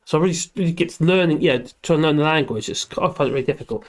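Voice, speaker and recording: A man's voice: a little high, rapid-fire. Chatty live-stream host, a man. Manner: rambling, chatty, with fillers, talking to his dog between comments. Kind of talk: casual live stream chat reading viewer comments.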